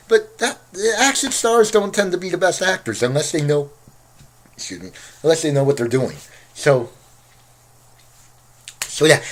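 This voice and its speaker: A man giving a casual spoken movie review, rambling and excitable with many restarts. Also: fairly high pitch. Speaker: film reviewer.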